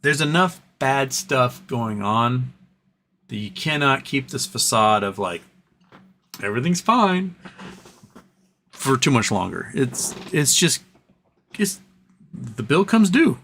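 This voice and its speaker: A man's voice: medium pitch, animated, measured pace, creaky, a bit bright, a little hiss or hum. A man hosting a casual livestream, reading chat messages aloud and answering them in an earnest, rambling way with frequent restarts.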